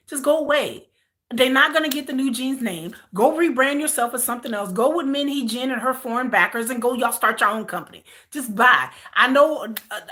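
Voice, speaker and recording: Bright-voiced woman ranting animatedly. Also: on the high side. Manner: animated, exasperated ranting with frequent repeats. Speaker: vlogger. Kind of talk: casual chat.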